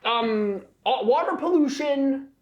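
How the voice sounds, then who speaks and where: A woman co-hosting a podcast in casual chat, animated and teasing, talking in quick bursts. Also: high-pitched, muffled recording. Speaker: podcast co-host.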